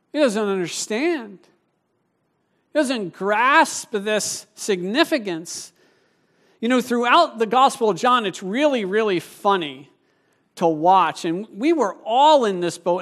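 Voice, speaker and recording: A male pastor giving a sermon in a joking, conversational way, stumbling over his words when excited. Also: high-pitched.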